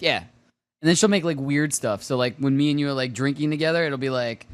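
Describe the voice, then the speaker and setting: A man co-hosting a casual pop culture podcast, telling stories with lots of laughter and excitement. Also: a little high, fast, no echo. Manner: excitable storyteller, laughs often. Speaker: podcast co-host. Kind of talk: casual chat.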